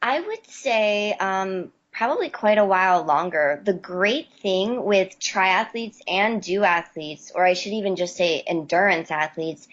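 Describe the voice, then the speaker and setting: Woman from west virginia, lowish voice, kinda halting, repeats herself, muffled lo-fi sound. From West Virginia, USA. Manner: hesitant, repeats words while thinking, laughs easily. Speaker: interview guest, athlete. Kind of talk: casual interview answers. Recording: dull lo-fi audio.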